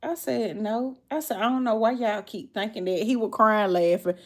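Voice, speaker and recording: A woman's voice: mid-range voice, normal speed. A woman with a Southern US accent, chatting casually on a livestream and answering viewers' comments. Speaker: livestream host.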